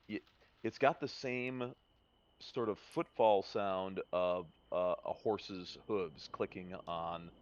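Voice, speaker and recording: A man narrating as game master of a tabletop game, hesitant, with many fillers and restarts. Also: lowish voice. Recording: dull lo-fi stream audio.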